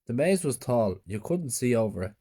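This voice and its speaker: Guy reading a bedtime horror story, mellow dark tone, subdued. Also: mid-range voice, big pitch swings, moderate pace, breathy edge. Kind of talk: scripted horror story narration.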